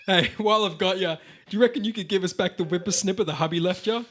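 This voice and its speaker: A man's voice: sits high, fast talker, fairly bright tone, pitched above the performer's own voice. A man putting on a crude ocker bloke. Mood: joshing. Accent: Australian. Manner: blokey, matey, teasing, laughing through lines. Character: crude, chummy middle-aged Aussie bloke commenter.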